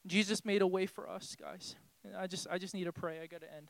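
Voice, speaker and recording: A man preaching a sermon as pastor in a church, impassioned and pleading, swinging from hushed tones to shouting. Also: sits high, steady tone, fast talker, creaky. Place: church hall.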